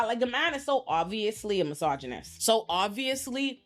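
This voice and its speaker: A woman's voice: a little high, lively intonation, normal speed, hardly any pauses. A young woman hosting a casual reality TV commentary, blunt and profane, acting out the people she quotes. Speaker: pop culture commentator host.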